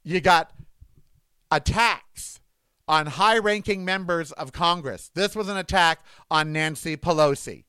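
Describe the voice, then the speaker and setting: A man's voice: on the high side, a little slow, pushed and bright, smooth, dry recording. A man vlogging at home, giving indignant, rambling political commentary with emphatic outbursts.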